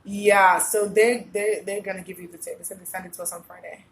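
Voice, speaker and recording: Woman from Nigeria, comic guest, fast teasing podcast chat, faint room noise. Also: mid-range voice, steady tone. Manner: quick, laughing, teasing. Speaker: comedian guest. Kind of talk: casual podcast banter.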